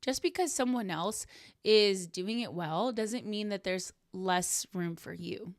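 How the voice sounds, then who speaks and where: A woman's voice: mid-range voice, slow, no echo, clean studio sound. Earnest woman hosting a reflective podcast. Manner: earnest, warm, self-reflective, laughs softly. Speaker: podcast host. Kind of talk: reflective solo podcast talk.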